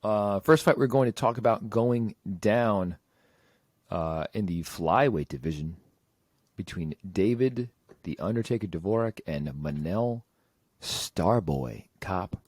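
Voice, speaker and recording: Low-voiced man hosting a fight podcast. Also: animated, slow, no echo. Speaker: podcast host. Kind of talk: casual show segment host.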